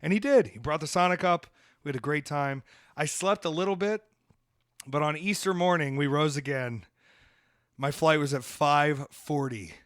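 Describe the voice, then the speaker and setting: A man from the American South, hosting a podcast and telling a story in a loose, animated way, swearing now and then. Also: on the high side, normal speed, no echo, clean studio sound. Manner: animated, swearing, acts out voices in quotes. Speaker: podcast host. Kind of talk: casual storytelling.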